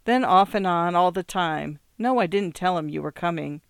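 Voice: medium pitch, moderate pace, creaky, smooth, dry recording, lightly acted. A narrator voicing a guarded older farmer father who answers in blunt, clipped phrases, in an audiobook reading.

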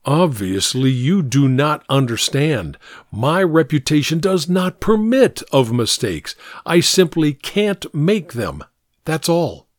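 A man doing a chilly, self-important doctor who speaks in clipped, stiff phrases with a lively rise and fall. It has the feel of a storybook reading, with the voice close and dry. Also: a little high, takes it slowly, no echo. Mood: cold. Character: cold, proud, nervous male doctor.

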